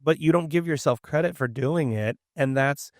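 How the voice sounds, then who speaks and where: A man's voice: on the high side, moderate pace, no room sound, studio quality. A man co-hosting a podcast and talking as a teacher, explaining in an earnest, encouraging way. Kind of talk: casual conversational podcast chat.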